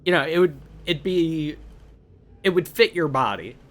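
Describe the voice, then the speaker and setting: A man narrating a tabletop game as game master, often pausing with fillers as he describes scenes. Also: on the high side, expressive, a bit bright. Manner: hesitant, filler-heavy narration.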